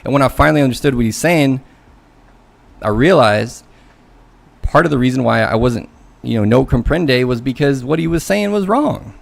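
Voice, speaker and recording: With vocal fry and an expressive mid-range voice at a moderate pace, a man rants casually about his bad job interview. As a coding learnalong streamer, he keeps it loose and conversational, swearing and imitating people in mocking quoted voices.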